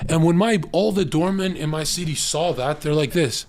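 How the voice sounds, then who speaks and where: A man streamer ranting casual dating advice, blunt and profane, telling stories with animated voices. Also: fairly high pitch, moderate pace, few pauses, dry recording.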